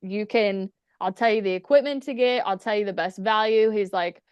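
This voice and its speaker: A woman's voice: medium pitch, normal speed, smooth, no room sound, highs cut off. A woman chatting as a podcast guest, telling stories casually, swearing freely and acting out the quotes. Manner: chatty, profane, acts out quotes. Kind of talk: casual storytelling.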